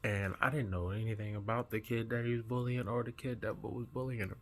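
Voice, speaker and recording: A man who has just woken up, earnestly retelling a dream in a vlog with an animated manner. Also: lowish voice, fast. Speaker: vlogger. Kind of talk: recounting a dream.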